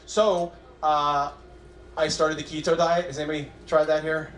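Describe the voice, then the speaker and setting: A young man doing a stand-up comedy set on a club stage, self-deprecating and halting, with frequent restarts. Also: a little high, flat delivery, slight background noise. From Southern California. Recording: echoey club room, faint crowd ambience.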